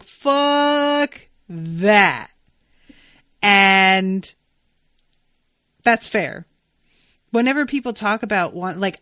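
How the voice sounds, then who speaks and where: A woman's voice: mid-range voice, a bit bright, no echo. A woman hosting a podcast, casually recapping a cartoon episode, chatty and swearing freely as she acts out the characters' lines. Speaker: podcast host.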